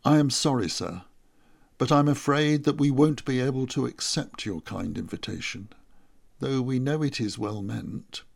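A man's voice: mid-range voice, animated, moderate pace, vocal fry. A man voicing a polite, apologetic male village elder who speaks hesitantly and deferentially in a storybook reading.

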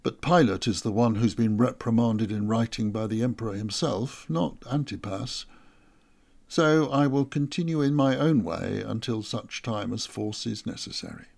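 A man narrating a first-person story in a measured, reflective way. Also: fairly low pitch, gravelly, darkish tone.

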